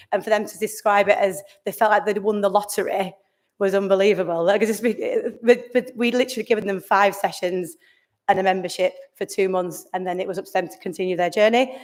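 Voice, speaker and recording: A woman's voice: medium pitch, a little mellow. A woman speaking at a conference in a meeting room, enthusiastic, often restarting and searching for words. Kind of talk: conference presentation.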